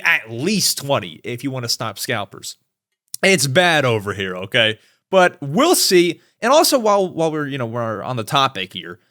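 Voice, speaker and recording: A young man hosts a casual news podcast, his voice sitting a bit high for a man. He talks in a lively, chatty way, rising and falling widely as he throws in slangy asides. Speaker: podcast host.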